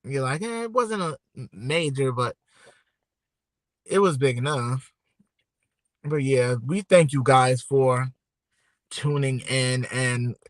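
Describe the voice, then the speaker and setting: A man with a medium-pitched, fairly bright voice co-hosts a podcast livestream, with no room sound in the recording. He's laid-back and rambles casually, talking straight to his viewers.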